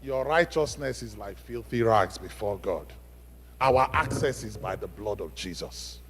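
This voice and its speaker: Emphatic preacher in a church hall. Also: male voice, medium pitch, husky. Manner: emphatic, call-and-response questions, swings from loud to hushed. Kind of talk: sermon. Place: church sanctuary. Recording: long reverb of a church hall.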